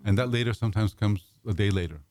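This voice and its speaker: A man with a lowish voice hosts a casual talk show at a quick clip. He rambles, restarts phrases and repeats words as he goes. The sound is dry and close. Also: a little mellow, no echo. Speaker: radio show host.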